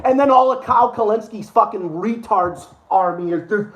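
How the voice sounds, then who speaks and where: A man's voice: high-pitched, moderate pace, few pauses, crowd noise. A man hosting a livestream, ranting furiously with constant swearing and repeated insults. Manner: furious, profane, insulting, repetitive. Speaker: livestream host. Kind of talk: angry profane rant.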